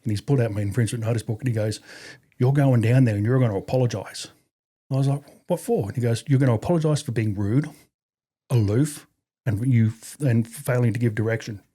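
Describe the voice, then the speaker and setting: A man in his forties with an Australian accent tells a casual anecdote as a podcast guest. His voice is dark and slightly husky, and he swears freely and laughs as he talks. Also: mid-range voice, a little fast. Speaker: podcast guest, army veteran. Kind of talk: casual storytelling interview.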